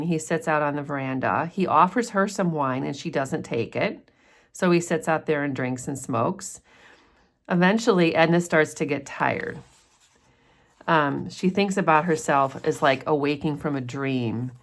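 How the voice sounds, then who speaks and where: In a casual chapter-summary lesson, a literature teacher talks through a novel's chapters, explaining in a chatty way with many ums. Her voice is low-pitched and moves at normal speed.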